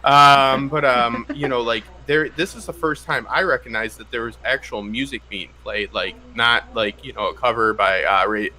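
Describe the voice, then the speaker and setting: A man's voice: medium pitch, normal speed, hardly any pauses, crowd noise. A man guest on a TV review chat, rambling with lots of fillers and restarts.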